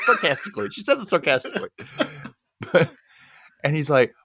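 A man's voice: fairly high pitch, moderate pace, pauses often, no echo. A man casually recapping a movie plot on a podcast, laughing often and acting out the characters' lines. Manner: animated, laughs often, acts out quotes. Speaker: podcast host recapping a film. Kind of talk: casual chat.

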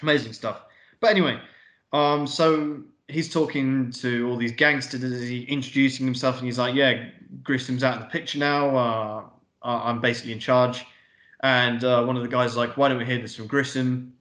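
A man co-hosting a film review podcast, talking casually and excitedly, swearing and acting out scenes. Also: mid-range voice, normal speed, echoey room. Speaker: podcast co-host.

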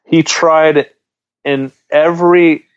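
A man's voice: on the high side, steady tone, slow pace, clean tone. A man co-hosting a podcast in casual chat, blunt and swearing, often repeating words as he thinks. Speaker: podcast co-host. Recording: dull lo-fi audio.

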